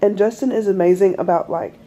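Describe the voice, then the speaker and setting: A woman in her twenties chatting casually to camera as a vlogger, rambling through a story with lots of fillers and lively asides. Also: medium pitch, brisk. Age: 20s. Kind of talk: casual chat.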